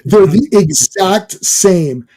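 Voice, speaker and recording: A man co-hosting a casual podcast chat about cartoons and movies, excitable and rambling. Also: sits high, extremely slow. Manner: excitable, rambling, jumps between topics. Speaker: podcast co-host.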